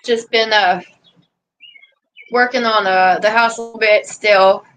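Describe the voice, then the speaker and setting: A woman hosts a casual livestream outdoors in a yard, rambling chattily and pausing to scold or coo at her dog. Her mid-range voice has fairly even intonation and a fairly bright tone, and she speaks unhurriedly. The audio quality is poor.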